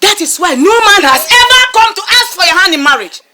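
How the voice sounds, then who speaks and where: An actress with a Nigerian English accent playing a fiercely protective mother who loudly accuses her daughter. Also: extremely high pitch, animated, brisk, background noise. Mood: insulting. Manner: loud, accusing, wailing. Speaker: mother of the family. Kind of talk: Nollywood film acting. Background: film score music.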